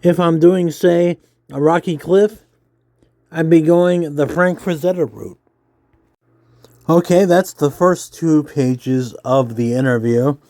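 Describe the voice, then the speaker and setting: Man, nerdy voice, mellow tone, easygoing read-aloud with fillers. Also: on the high side, takes it slowly, no room sound. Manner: self-described nerdy voice, relaxed with fillers. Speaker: comics vlogger. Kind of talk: casual reading aloud while drawing.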